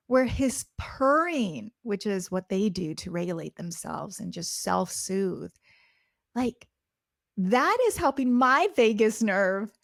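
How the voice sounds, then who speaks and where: A young woman hosts her own podcast, recounting a personal story in a loose, animated, filler-heavy way. Her voice sits at a middle pitch. It is recorded dry and close, with no room sound. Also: no room sound. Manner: animated, chatty, lots of "like" fillers. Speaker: podcast host. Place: home.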